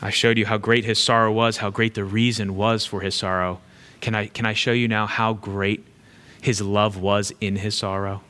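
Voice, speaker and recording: A man preaching a sermon, earnestly repeating key phrases for emphasis and moving between hushed and fervent delivery. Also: mid-range voice.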